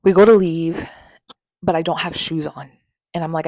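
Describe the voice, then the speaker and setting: A young woman with a lowish voice tells a painful personal story in a raw, candid way. She speaks frankly and swears freely. Her voice sits close and dry, with no room sound around it. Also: steady tone, moderate pace, darkish tone, dry recording. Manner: frank, emotional, profanity-laced retelling. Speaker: podcast host.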